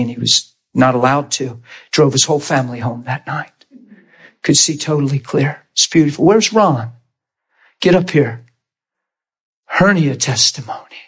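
A man preaching a sermon in a church, telling healing stories in an animated way and often crying out in excitement. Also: fairly high pitch, husky. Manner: animated, shouts and cries out in excitement. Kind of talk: sermon with testimony storytelling.

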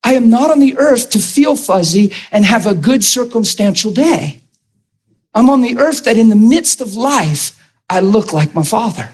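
A man preaching in a high-pitched, husky voice. He tells his story excitedly and emphatically, often restarting his words mid-sentence. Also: normal speed, rough recording. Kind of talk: sermon.

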